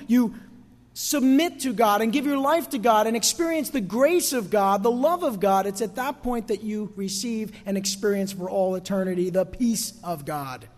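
A man preaching a conversational sermon as pastor, dropping quiet for emphasis and rising for asides. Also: very high voice, in a large hall. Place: church sanctuary.

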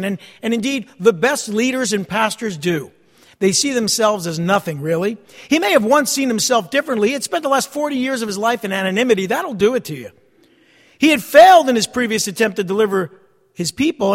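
A man preaching a sermon as pastor, repeating key phrases with dramatic pauses. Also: sits high, a bit bright, big-room sound.

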